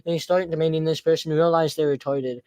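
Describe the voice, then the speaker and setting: A young man arguing as a guest in a heated debate, dismissive and taunting, with curt, flat replies. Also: a little high, fairly quick, clean tone, dry recording.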